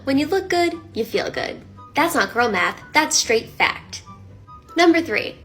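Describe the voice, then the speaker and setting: An upbeat woman delivers quick career and life tips in a punchy, encouraging style. Her voice sits a little high for a woman, and faint music plays underneath. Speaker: career advice creator. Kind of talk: casual tips to camera.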